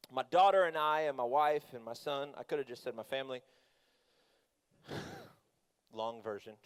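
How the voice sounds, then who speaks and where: A middle-aged youth pastor with a smooth, mid-range voice preaches a sermon, telling a family story in an animated, conversational way full of quick asides.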